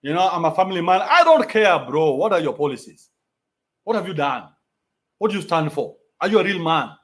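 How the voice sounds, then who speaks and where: A man's voice: on the high side, big pitch swings, moderate pace, fairly bright tone. A young adult man with a Kenyan accent, ranting bluntly in a profane, mocking livestream. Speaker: commentator. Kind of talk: livestream rant.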